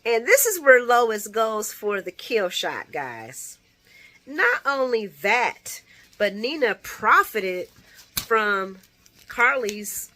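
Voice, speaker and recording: A woman talks through a soap opera episode in a loose, animated recap, laughing readily and swearing without a second thought. Her voice sits a little high and rings bright and sharp. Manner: animated and expressive, laughs a lot, swears freely.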